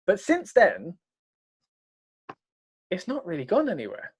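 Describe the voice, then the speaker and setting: A man's voice: sits high, huge pitch swings, unhurried, husky. A man co-hosting a casual wrestling reaction chat, rambling and trailing off mid-sentence. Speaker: co-host.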